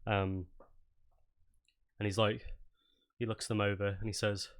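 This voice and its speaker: A man's voice: on the low side, little pitch movement, a little slow, long pauses. A man narrating as game master, rambling with lots of fillers and restarts.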